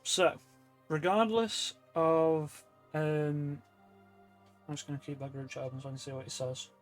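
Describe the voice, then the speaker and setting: A man's voice: on the high side, fairly even intonation, moderate pace, soft background music. A man narrating as game master over a voice call from his room, in a loose, rambling way full of fillers. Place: his own room at home. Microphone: computer mic on a voice call.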